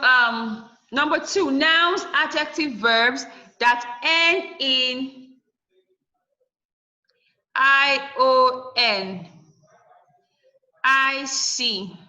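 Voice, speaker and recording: A woman's voice: a little high, pushed and bright. A woman teacher giving a classroom English lesson, spelling out word endings letter by letter and repeating each example word. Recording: dull lo-fi classroom recording.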